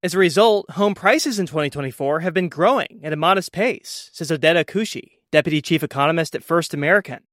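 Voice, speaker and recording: A man radio reporter narrating a scripted economics news story in a measured way. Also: fairly high pitch, fairly bright tone, no room sound, clean studio sound.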